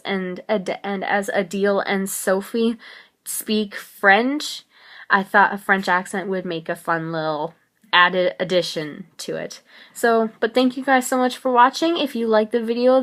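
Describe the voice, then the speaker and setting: A woman's voice: medium pitch, fairly bright tone. Earnest American woman reading aloud. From United States. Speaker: amateur reader and video maker. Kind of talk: storybook narration and casual sign-off.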